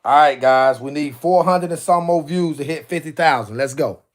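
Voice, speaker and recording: A man's voice: on the high side, normal speed. A man chatting casually on a live stream, exclaiming to himself as he goes through jerseys. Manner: drawling, exclaiming to himself while sorting jerseys.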